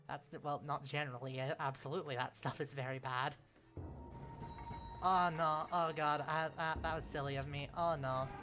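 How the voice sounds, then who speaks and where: A man's voice: a little high, a bit bright. A man chatting casually on a game stream, rambling and correcting himself with chuckling asides. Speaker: streamer playing a strategy game. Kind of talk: casual gaming stream chat. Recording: slightly dull stream audio, faint game music.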